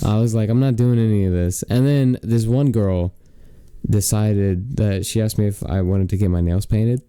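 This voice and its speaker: A teenage boy co-hosts a podcast in easy, casual chat. He rambles through stories, pads them with "like" fillers and acts out the people in them. His voice sits very dark and mellow, smooth and resonant, and the sound is dry. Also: fairly low pitch, moderate pace, no room sound. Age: teens. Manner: rambling storytelling, full of "like" fillers. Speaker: podcast co-host.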